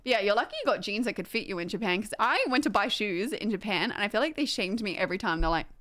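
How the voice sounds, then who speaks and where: Livestreaming, a young woman chats casually with her viewers and stream chat, rambling with lots of fillers and laughter. Her mid-range voice is expressive, fast and a bit bright.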